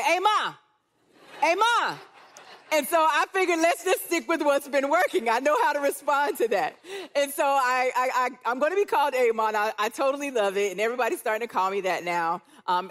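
Woman grandmother preaching with lively stories. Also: a little high. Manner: warm storytelling, animated quoting of others. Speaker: guest speaker, church care director. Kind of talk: sermon with personal stories. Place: church auditorium with live audience.

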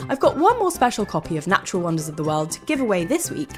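Lively, enthusiastic woman hosting. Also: mid-range voice, fast, faint music behind. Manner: bright, enthusiastic storyteller addressing children. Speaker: host. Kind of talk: scripted children's podcast narration.

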